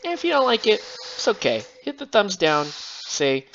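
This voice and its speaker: A man's voice: high-pitched, wildly swooping pitch, normal speed, gravelly, fairly bright tone, muffled recording, slight background noise. Self-amused man rambling while painting. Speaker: miniature painting channel host. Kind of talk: casual chat while painting.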